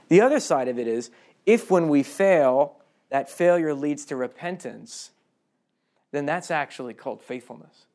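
A man's voice: on the high side, expressive, moderate pace, a little mellow. Chatty man preaching a sermon. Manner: chatty and self-deprecating, with humorous asides. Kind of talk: conversational sermon.

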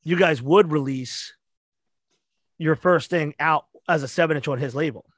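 Man, podcast host, slightly high voice, dry close sound, casual questions, fillers. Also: moderate pace, no echo. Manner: loose questions with fillers and swearing.

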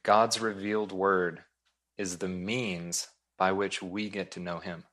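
Earnest low-voiced male pastor preaching. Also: fairly even intonation, takes it slowly, fairly bright tone. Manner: earnest, emphatic, repeats key points. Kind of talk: sermon.

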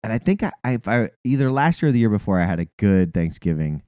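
A podcast co-host with a lowish voice talks fast and rants casually, swearing heavily with loose, rambling, animated energy. The audio is dull, with no echo.

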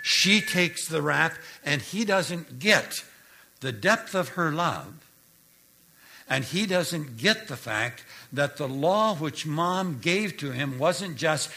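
A male preacher telling a family story to explain a doctrine, dropping his voice low and soft for the tender moments. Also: expressive, slow, creaky. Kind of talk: sermon storytelling.

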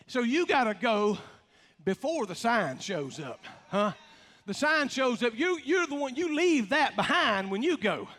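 A man's voice: extremely high pitch, sing-song, a little slow, a bit bright. Man, pastor, folksy emphatic sermon, call-outs to the congregation, echoing church hall. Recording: long reverb of a large hall.

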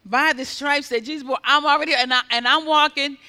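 Preacher guy, super high bright voice, acts out the quotes, echo off a big church hall. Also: fairly quick. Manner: animated, acts out quoted speech, builds to loud exhortation. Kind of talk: sermon storytelling. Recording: long hall reverb.

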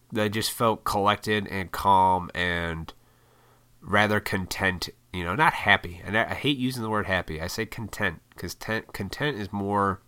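A man's voice: fairly low pitch, sharp tone. A man from Illinois hosting a casual solo podcast, talking in a laid-back, rambling way with lots of swearing. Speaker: podcast host.

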